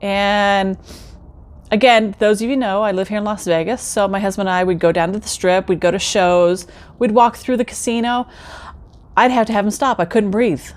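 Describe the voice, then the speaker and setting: A woman's voice: medium pitch, steady tone, normal speed. A middle-aged woman telling her own story in a casual vlog, chatty and talking straight to her viewers. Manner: chatty, addresses viewers directly, acts out quoted remarks.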